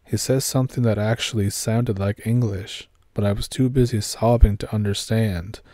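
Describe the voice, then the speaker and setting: A man narrating a horror story in a steady, measured way. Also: fairly low pitch, no echo, clean studio sound.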